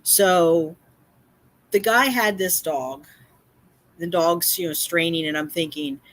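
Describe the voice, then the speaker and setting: Her voice is lowish and fairly bright, moving at a slow pace with no echo. The woman, a livestream host and community cat caretaker, recounts a neighbor to her chat, shaken and upset, with emphatic repetition, many fillers and restarts.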